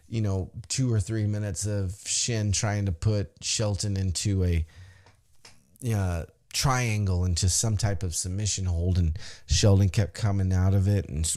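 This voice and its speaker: A man's voice: lowish voice, a little mellow. A man hosting a podcast, recapping in a casual, enthusiastic, conversational way with plenty of fillers. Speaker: podcast host.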